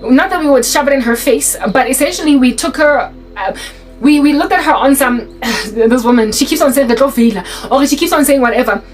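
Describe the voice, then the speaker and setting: A woman tells a funny school story in a lively, casual vlog. Her voice sits high, she laughs often, and faint music plays beneath her. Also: a little fast, poor audio. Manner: animated, laughs often while telling. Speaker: YouTuber.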